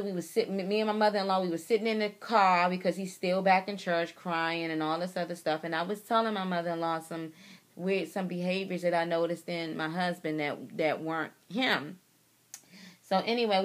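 A woman vlogger telling a personal story to the camera, emotional and animated, talking straight to her viewers and repeating herself for emphasis. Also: mid-range voice. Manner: emotional, animated retelling, addresses viewers directly.

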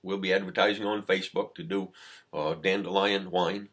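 A man's voice: deep voice, steady tone, moderate pace, a bit bright, husky. A man with a strong, unusual Maine accent, a guest in casual chat, telling stories in a folksy, earthy way. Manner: folksy, earthy storytelling with laughs.

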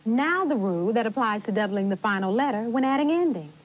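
A patient spelling tutor. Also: female voice, a little high, expressive, fast, poor audio. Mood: explaining. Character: patient adult woman tutor explaining spelling. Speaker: teacher. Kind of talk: scripted educational TV acting.

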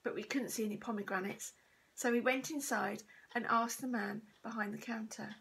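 A woman teacher reading a children's chapter book aloud, steady and expressive. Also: a little high, normal speed, creaky, poor audio. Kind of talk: storybook read-aloud.

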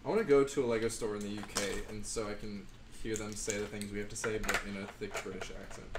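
A young man jokes and teases through a relaxed livestream chat as he builds. He sits some way from the mic in an echoey room. Steady background noise runs under his voice. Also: on the low side, quick pace, distant mic. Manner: joking, teasing banter. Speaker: stream co-host.

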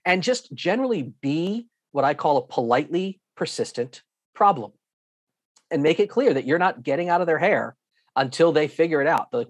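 A man giving an online lesson with slides, talking in a lively, emphatic way, acting out airline staff and repeating himself for emphasis. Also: fairly high pitch, normal speed, no echo. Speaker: guest instructor.

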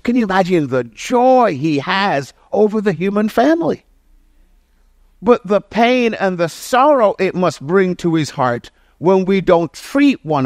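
A man's voice: high voice, dry recording, studio quality. A man preaching a sermon, emphatic and full of rhetorical questions to his listeners, often restarting and correcting himself mid-phrase. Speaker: pastor.

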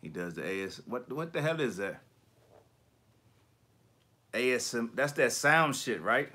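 A man's voice: medium pitch, moderate pace, pauses often. Slangy, profane man hosting a chat. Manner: profane, slangy, animated storytelling. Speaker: YouTube collector channel host. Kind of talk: casual livestream chat.

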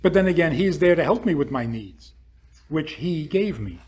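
A man's voice: fairly high pitch, expressive, normal speed, darkish tone, husky. A man speaking as a rabbi, lecturing an audience with provocative rhetorical questions and acting out what imagined people would say.

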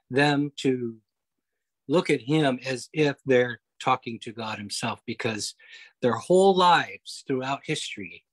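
Slow, deliberate man teaching Bible study. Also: on the high side, fairly bright tone, husky, dry recording, low-quality recording. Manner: explanatory, repeats key points, frequent okay and uh. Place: home, online meeting. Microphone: video call.

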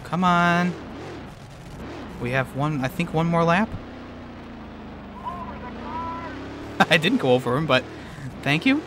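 A man streaming a video game, commenting sarcastically, swearing a lot and yelling when a run goes wrong. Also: fairly high pitch, sing-song, slow, pauses often, background noise. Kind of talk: let's play gaming commentary.

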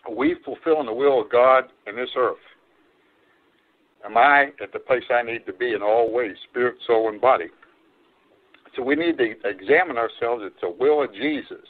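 A man preaches a sermon in an easygoing, conversational manner, circling back over his own phrases and calling out to his listeners as folks. His voice sits at an ordinary middle pitch. The sound is thin and narrow, like a voice coming down a telephone line. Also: normal speed. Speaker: pastor. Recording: phone-like narrow-band stream audio.

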